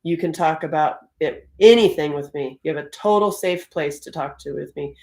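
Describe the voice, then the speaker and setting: Lively middle-aged woman hosting a live stream. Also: deep voice, normal speed, few pauses. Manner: animated, laughs often, Southern-tinged "y'all". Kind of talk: casual live stream talk.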